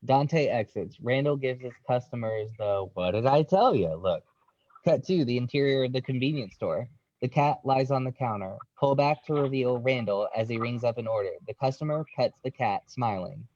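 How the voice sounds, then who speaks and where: A man reading stage directions aloud in a live script reading, flat and matter-of-fact. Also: mid-range voice, normal speed, no room sound, highs cut off.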